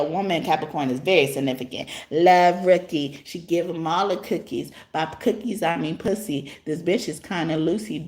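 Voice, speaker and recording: A woman, hosting a casual livestream reading. She talks in a brash, profane way, laughing often and breaking into song. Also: fairly low pitch. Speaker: tarot reader on a livestream.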